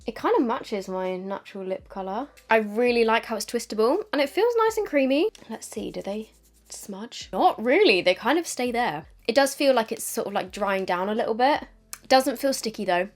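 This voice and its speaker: A woman's voice: a little high, animated, moderate pace. A young British woman, a beauty vlogger, chatting casually as she tries out makeup, with gushing little asides. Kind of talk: casual makeup testing vlog.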